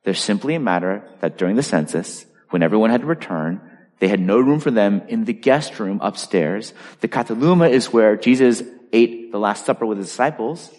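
A man preaching a sermon in a conversational style, full of asides and lively storytelling. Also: mid-range voice, long reverb tail. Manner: animated, conversational, lots of asides. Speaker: pastor.

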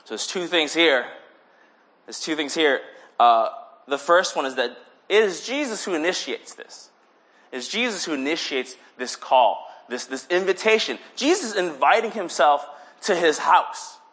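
A young man giving a casual sermon, animated, often acting out little voices for the people he talks about. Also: a little high, normal speed. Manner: animated, acts out voices in quotes. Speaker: preacher.

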